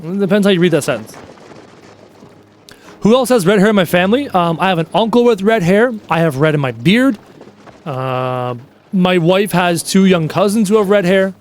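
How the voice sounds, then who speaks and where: A man in his thirties chatting casually with his live-stream viewers, telling stories in an animated way and answering their questions. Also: sits high, moderate pace.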